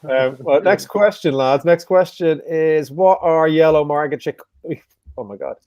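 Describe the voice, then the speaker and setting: A man hosting a casual live quiz, joking around and repeating each question slowly. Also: on the high side, darkish tone, dry recording. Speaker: quiz host.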